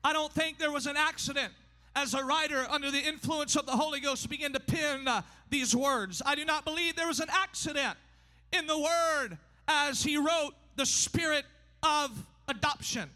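A man preaching a sermon in a church, emphatic and often shouting, his delivery swinging between fast bursts and slow drawn-out lines. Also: extremely high pitch. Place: church sanctuary. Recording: long hall reverb.

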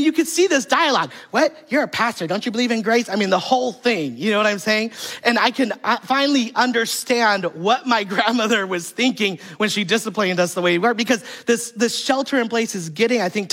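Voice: medium pitch, expressive, a little fast, fairly bright tone. A pastor giving a conversational sermon, telling funny family stories and putting rhetorical questions to the congregation. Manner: humorous storytelling, acting out family dialogue.

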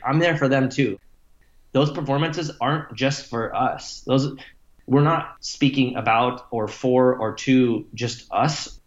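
A man's voice: medium pitch, slow. A man answers interview questions in a loose, wandering way, swearing freely and leaning on fillers. His voice carries a roomy echo, and the sound is slightly dull. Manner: rambling, profane, many fillers like "like" and "you know". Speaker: musician guest. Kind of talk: casual interview talk.

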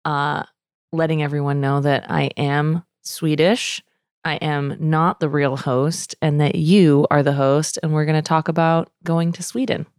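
A woman's voice: low voice, fairly even intonation, unhurried, darkish tone, smooth, dry recording, clean studio sound. A playful woman chatting casually as a podcast co-host. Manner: playful, laughs easily. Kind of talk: casual chat.

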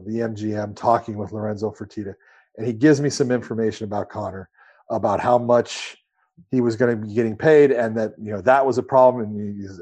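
Male podcast co-host, mellow tone, casual rambling storyteller. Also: on the low side. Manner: relaxed, rambling with profanity.

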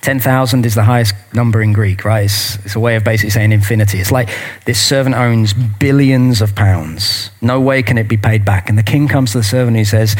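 A man's voice: fairly low pitch, a little fast, darkish tone. A man preaching a sermon and leading a prayer in an earnest, intimate manner. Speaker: pastor.

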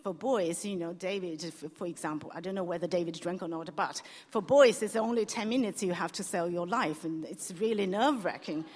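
A woman panelist explaining how a dating show works, talking in halting bursts with many restarts. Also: fairly low pitch, a little mellow, breathy edge. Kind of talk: panel discussion. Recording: echoey hall on stage.

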